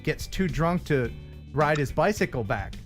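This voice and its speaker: A man hosting a casual livestream chat with a neutral American broadcast accent. He jokes and talks in an animated way. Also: a little slow, soft background music. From Philadelphia area, US. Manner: joking, animated, jumps in pitch when excited. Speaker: host.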